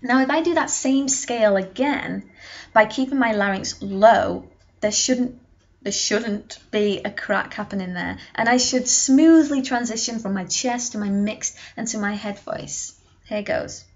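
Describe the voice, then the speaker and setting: A young woman who teaches singing gives a vocal lesson to camera, explaining technique and demonstrating through both singing and speech. Her voice is slightly high and unhurried, and the recording sounds muffled.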